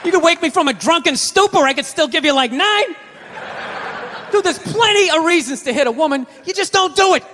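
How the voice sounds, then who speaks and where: A man with a Boston accent doing a stand-up comedy set, ranting sarcastically and swinging from low mutters to yelled bits. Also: lively intonation, a little fast, noisy background. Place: comedy club stage. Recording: reverberant venue with crowd laughter. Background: audience laughter.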